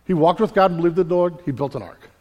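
A pastor preaching an emphatic sermon in a church, often repeating words and swinging from loud to quiet. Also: male voice, fairly high pitch, fast, muffled recording. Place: church sanctuary. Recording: long hall reverb.

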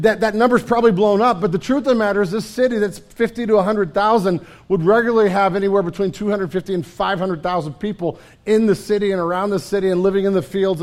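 A man preaching a conversational sermon as a pastor, often dropping to a quiet, low delivery.

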